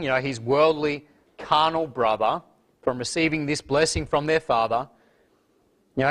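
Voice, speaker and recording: A man's voice: fairly high pitch, fairly bright tone. Earnest man preaching an evening sermon. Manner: earnest, measured, with frequent fillers and throat clearing. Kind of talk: sermon with scripture reading.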